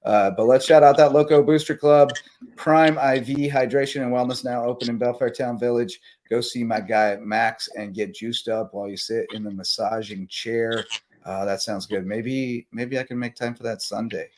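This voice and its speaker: A man hosting a late-night live sports talk show, chatting casually and rambling through sponsor shout-outs while tired. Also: medium pitch, fairly even intonation, normal speed, a little hiss or hum. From South Carolina Lowcountry.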